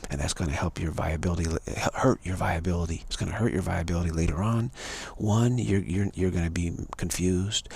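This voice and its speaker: A man's voice: sits low, brisk, gravelly, few pauses, darkish tone, breathy edge. A man giving a rambling spiritual talk on a live stream, repeating himself and restarting words often. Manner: repetitive, stumbling restarts, earnest. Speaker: spiritual teacher.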